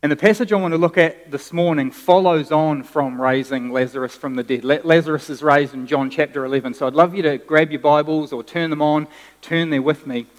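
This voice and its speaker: Animated male preacher in a hall. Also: fairly high pitch, brisk. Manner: animated, conversational preaching with restarts. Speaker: pastor. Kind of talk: sermon.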